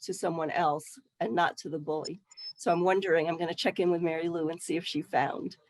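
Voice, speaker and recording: Calm woman facilitator, dry sound. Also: lowish voice, brisk, no echo. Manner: calm, reflective and explanatory. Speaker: workshop facilitator. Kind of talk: teaching through role-play.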